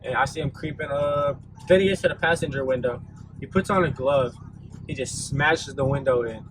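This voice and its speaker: A man's voice: medium pitch, moderate pace, fairly bright tone, rough recording. Laid-back young man rambling a story. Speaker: vlogger. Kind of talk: casual storytime vlog. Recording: audible background noise.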